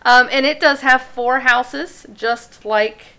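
Bright, high-toned chatty woman. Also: slow pace, smooth. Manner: eager, chatty fan talk. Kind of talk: casual chat.

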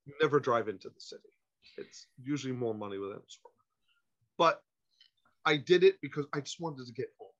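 A man, a podcast guest, telling a casual anecdote in an animated, self-interrupting way, on a dull lo-fi recording. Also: medium pitch, a little fast, long pauses.

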